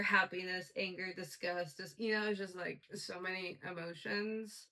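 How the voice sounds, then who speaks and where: On a low-quality recording, a woman podcast host talks on her own in a chatty, gossipy style heavy with "like." Her mid-range voice is bright and forceful, with a steady tone and normal speed.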